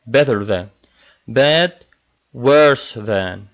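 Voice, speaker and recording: Slow-talking male English teacher. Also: medium pitch, animated. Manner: slow, repetitive drilling of word pairs. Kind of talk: classroom grammar lesson. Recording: dull lo-fi recording.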